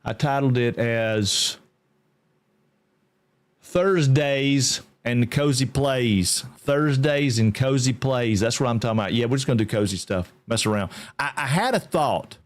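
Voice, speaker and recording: A man's voice: medium pitch, a little slow. Easygoing man streaming. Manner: rambling and easygoing, greets chat by name. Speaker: game streamer. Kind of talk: casual livestream chat.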